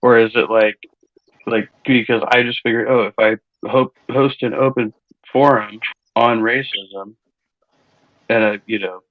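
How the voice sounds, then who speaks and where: A man's voice: mid-range voice, steady tone, unhurried, no echo, phone-quality sound. A man in casual stream chat, talking things through thoughtfully with frequent restarts.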